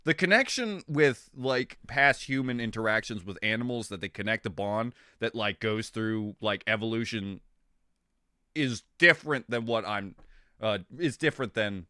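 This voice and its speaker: A young man streaming, chatting casually with viewers in a rambling, excitable way, swearing freely. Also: on the low side, moderate pace, clean tone, no room sound, studio quality.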